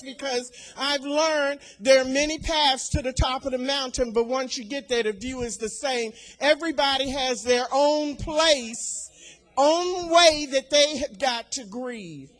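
At a women's church gathering, a high-voiced woman gives a sermon testimony, speaking slowly and deliberately. She builds to loud, emphatic declarations and repeats key phrases for emphasis.

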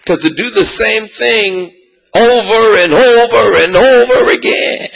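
A man preaching a sermon in a sing-song cadence, asking the congregation questions and swelling into shouts. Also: high voice, measured pace, creaky, soft background music.

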